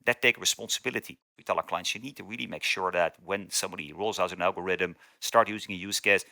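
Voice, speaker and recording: A man's voice: sits low, fast talker, gravelly, sharp tone, no echo. A man, a consulting partner, giving a business interview and laying out steps one by one. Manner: structured, lists steps methodically.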